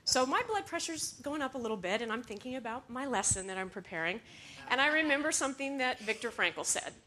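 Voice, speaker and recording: A high-voiced woman speaks briskly as she addresses an audience. She tells her stories with animation, laughing from time to time and acting out the lines she quotes.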